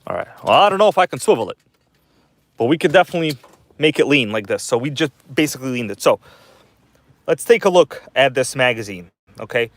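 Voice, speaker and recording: A man's voice: mid-range voice, lively intonation, fairly quick, pauses often, no room sound. A man hosting a casual livestream from inside his parked car at night, chatting loosely and greeting viewers by name. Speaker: livestream host. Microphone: phone.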